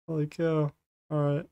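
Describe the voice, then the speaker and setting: A streamer giving reaction commentary on gameplay, incredulous and swearing often in quick bursts. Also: medium pitch, clear, resonant tone, highs cut off.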